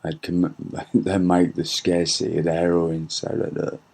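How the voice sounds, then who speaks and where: A man's voice: sits low, completely flat delivery, normal speed, gravelly, a little mellow. A middle-aged man ranting angrily in a rambling, profane monologue, full of restarts and repeats. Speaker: podcast host.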